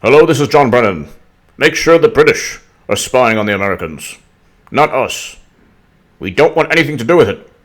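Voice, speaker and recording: A man putting on a mocking impression of a scheming older spy chief who barks orders into a phone in a louder, pushier voice. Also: medium pitch, lively intonation, moderate pace, natural voice.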